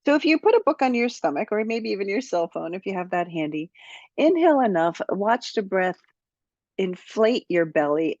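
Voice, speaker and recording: A woman's voice: fairly low pitch, dry recording, lo-fi sound. Upbeat woman coaching on speaking. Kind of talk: tutorial to camera.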